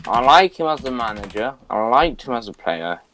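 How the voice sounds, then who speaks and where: A man's voice: mid-range voice, big pitch swings, moderate pace, fairly bright tone, slight background noise. A young British man co-hosting a football podcast, teasing his friend with dry sarcasm. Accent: British English. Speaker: podcast co-host. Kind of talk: casual chat.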